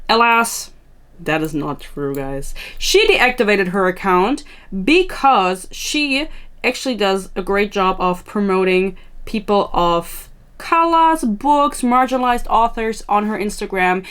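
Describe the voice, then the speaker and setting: A woman's voice: mid-range voice, animated, measured pace. A woman hosting a podcast in a casual, tangential chatty style, swearing freely and laughing at her own asides. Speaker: podcast host.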